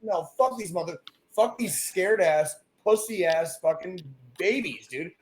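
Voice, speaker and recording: A man's voice: sits high, unhurried, a little mellow, slight background noise. Profane, ranting podcast co-host man. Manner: profane, emphatic ranting with repeated phrases. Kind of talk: casual podcast chat.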